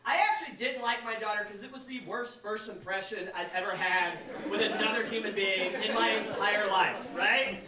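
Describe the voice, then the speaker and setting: A man doing a loud, profane stand-up comedy set, telling brash stories. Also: sits high, normal speed, hardly any pauses, a crowd in the background. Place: live comedy venue. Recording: echoey live room from far off. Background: audience laughter.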